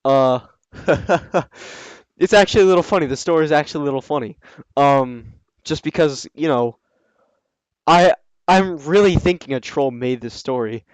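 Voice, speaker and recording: Man, reading a story aloud, sarcastic mocking asides, smooth clear voice, dry close sound. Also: fairly high pitch, normal speed, dry recording, rough recording. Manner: sarcastic, scoffing asides with frequent ums. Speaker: reader and commentator.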